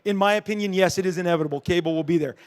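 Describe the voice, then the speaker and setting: A middle-aged man, a comic book creator, answering audience questions at a convention panel with animated, joking storytelling. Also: high voice, very fast. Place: dark convention panel room.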